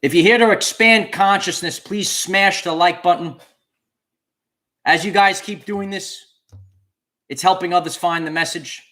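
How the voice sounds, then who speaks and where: Man preaching to livestream viewers, fairly high. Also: fairly even intonation, measured pace, pauses often, bright, forceful tone. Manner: repetitive, preacher-like emphasis, repeats key phrases. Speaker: channel host.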